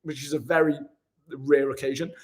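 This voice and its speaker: A man's voice: medium pitch, little pitch movement, moderate pace. A young man live-streaming a casual vlog from a hotel room, chatting with viewers, laughing often and calling everyone mate.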